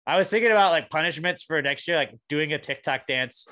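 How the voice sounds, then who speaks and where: A man's voice: on the high side, animated, a little fast, bright, forceful tone. A man co-hosting a casual comedy podcast, joking and swearing with sarcastic banter. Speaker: podcast co-host.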